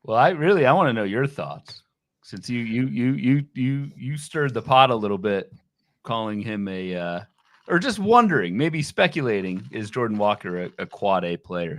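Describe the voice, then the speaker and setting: A man co-hosting a fantasy baseball podcast, talking casually and animatedly with quick restarts. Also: mid-range voice, dry recording, clean studio sound. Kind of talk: casual sports chat.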